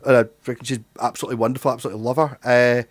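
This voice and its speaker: A man's voice: mid-range voice, little pitch movement, racing. A young Scottish man with a Glaswegian accent, chatting casually and rambling on a livestream, swearing freely. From Scotland. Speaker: livestream host.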